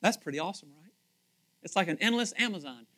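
A male pastor delivering a sermon in a casual, talkative way, his voice sitting a little higher than most men's. He repeats phrases as he thinks aloud, pushing some words out loudly and dropping others to a hush. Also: quick pace. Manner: conversational, animated preaching with frequent repetitions; swings between loud emphasis and hushed asides.

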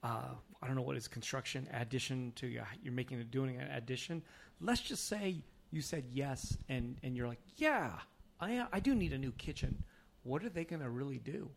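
A man's voice: mid-range voice, fairly quick, gravelly, few pauses, a little hiss or hum. A man in casual chat as a podcast co-host, curious and full of questions. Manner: curious, asks many questions.

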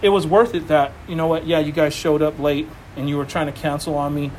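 Male pastor, fairly high voice; relaxed sermon told as a lively personal story. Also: a little fast, a little hiss or hum, low-quality recording. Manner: animated storytelling with laughs and acted-out quotes. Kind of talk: conversational sermon.

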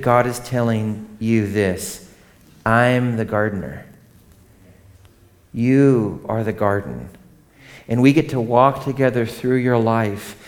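A man in his thirties preaching a sermon, conversational and animated, often turning to ask the congregation questions. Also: lowish voice. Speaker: pastor.

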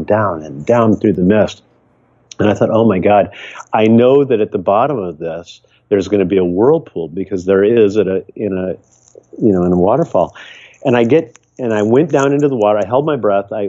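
Older man with a dark, muffled voice. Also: on the low side. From Michigan. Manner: earnest, rambling with restarts. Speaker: podcast guest. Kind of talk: reflective storytelling. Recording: dull lo-fi remote audio.

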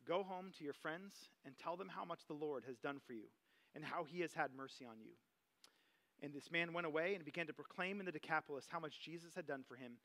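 A man, a father, preaching a sermon in a casual, conversational way, telling personal stories to his congregation. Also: on the high side. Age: adult parent. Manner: conversational, animated, personal anecdotes. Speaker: pastor.

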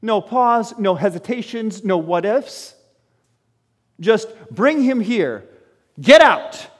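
Male pastor, high voice, lively sermon delivery with rhetorical questions, church hall reverb. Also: slow. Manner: animated, rhetorical questions, shifts between loud exclamations and low quiet asides.

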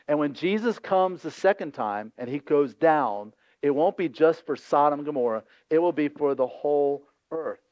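Lively, conversational man preaching a sermon. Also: on the high side, no room sound, highs cut off. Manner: lively, conversational, acts out voices in scripture scenes. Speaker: pastor.

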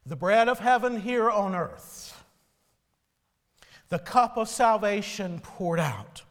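A male pastor delivering a sermon, telling a story slowly and solemnly. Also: high-pitched, lively intonation, a bit bright, long reverb tail.

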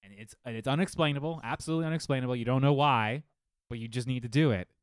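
A man co-hosting a casual fantasy football podcast, telling stories in a lively, profane way from a home studio. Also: mid-range voice, fast talker, clear, resonant tone, no room sound. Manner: animated, profane storytelling. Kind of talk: casual chat. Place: home studio living room.

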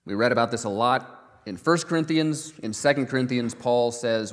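A man preaching a sermon in a conversational way, often pausing with um and uh and repeating words as he goes. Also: medium pitch, long reverb tail. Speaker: pastor.

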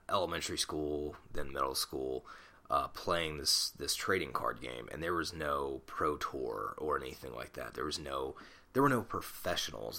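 Young guy doing a solo pod on a desk mic, bright edge to his voice, kinda awkward and sweary. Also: extremely low pitch, vocal fry. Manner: rambling, self-conscious, swears casually. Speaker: podcast host. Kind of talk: solo podcast chat. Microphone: desktop USB mic.

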